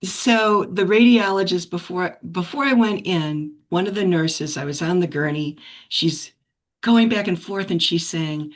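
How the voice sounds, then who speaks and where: Soft-voiced woman sharing a story. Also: on the low side, a little slow. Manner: reflective, with frequent restarts and soft laughs. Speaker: practice group member sharing a story. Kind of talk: casual personal sharing. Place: video call.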